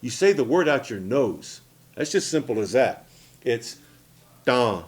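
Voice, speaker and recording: A man in his sixties from Oklahoma teaches a spoken lesson, his voice sitting at an ordinary middle pitch. He talks simply and repeats himself, often pausing to ask "okay?" or "see?". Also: sing-song, a little mellow. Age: 60s. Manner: plain-spoken, repetitive, frequent "okay?" and "see?" checks. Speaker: language teacher.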